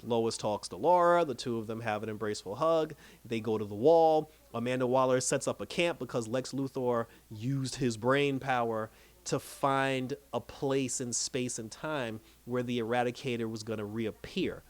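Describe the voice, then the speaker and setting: A man casually recapping and reviewing a TV episode, telling it with lively reactions and laughing as he goes. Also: medium pitch, moderate pace. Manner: animated storytelling, laughs while retelling scenes.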